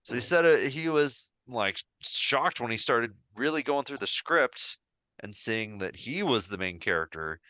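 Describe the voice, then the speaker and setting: Bright, crisp-voiced man telling stories. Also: mid-range voice, a little slow, dry recording. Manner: relaxed storytelling with filler words. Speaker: podcast co-host. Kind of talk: casual chat.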